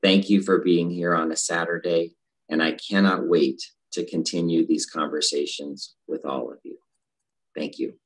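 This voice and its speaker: District leader guy, very low voice, formal and measured thank-yous. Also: steady tone, low-quality recording. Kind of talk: formal recorded address.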